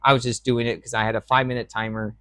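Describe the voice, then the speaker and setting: A man's voice: medium pitch, level tone, rapid-fire, a bit bright, smooth, no room sound. A young man talking casually in a vlog, rambling with lots of fillers. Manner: rambling, chatty, with frequent fillers. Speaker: reseller vlogger.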